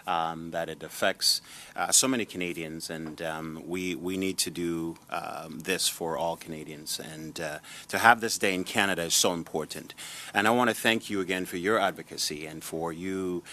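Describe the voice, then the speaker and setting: A man, a senator, questioning a witness at a committee hearing, speaking haltingly with many fillers and restarts. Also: low-pitched, bright, forceful tone.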